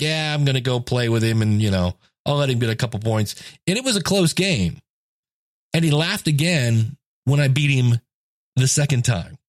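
Recorded dry and in studio quality, this fifty-something man speaks in a voice on the high side. He gives an easygoing motivational talk built around stories, voicing each quoted character himself.

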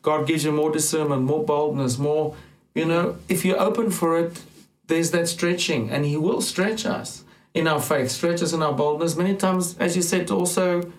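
A man earnestly telling a personal faith testimony in a casual conversation, with halting starts and restarts. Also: fairly high pitch, steady tone, low-quality recording. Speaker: Christian talk-show participant.

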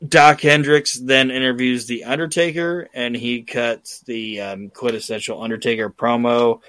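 A man's voice: medium pitch, unhurried, no echo. Man, podcast host, casual swearing chat, acts out quotes, dry close sound. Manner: excited, profane storytelling with acted-out quotes.

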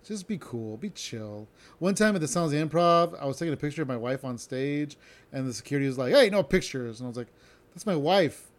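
A young adult man with a medium-pitched voice talks fast as he hosts a podcast. His story rambles, he keeps interrupting himself, and he swears casually.

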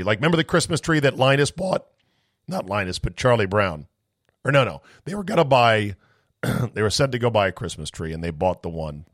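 A man's voice: mid-range voice, dry recording, studio quality. Ranting man firing off questions. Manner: incredulous, sarcastic, swearing, rapid-fire questions. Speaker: podcast host. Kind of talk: animated comic rant and chat.

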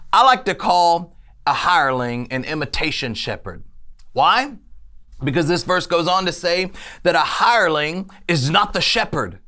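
An online faith speaker giving an energetic faith message to camera, chatty and animated, often laughing and urging listeners on. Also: mid-range voice.

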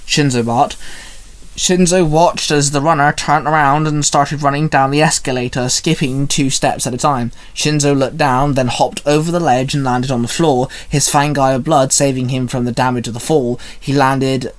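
A man's voice: medium pitch, fairly even intonation, moderate pace. A man reading a fan story aloud in a casual way, with small slips and restarts.

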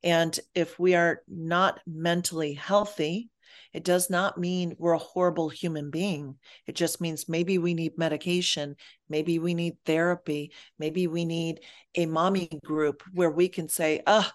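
A woman's voice: fairly low pitch, fairly even intonation, measured pace. A woman guest on an interview podcast who speaks earnestly and reassuringly about motherhood and mental health. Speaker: guest, perinatal mood expert.

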